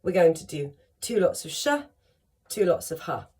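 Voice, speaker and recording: A woman's voice: low-pitched, normal speed, mellow. A woman teaching a singing lesson on breathing, upbeat and encouraging, talking straight to her students and showing each exercise.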